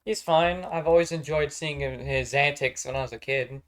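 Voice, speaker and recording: A man's voice: on the high side, moderate pace. Profane, rambling male streamer. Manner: rambling, profane and easily exasperated. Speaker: streamer ranking characters on a tier list. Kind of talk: casual live-stream chat.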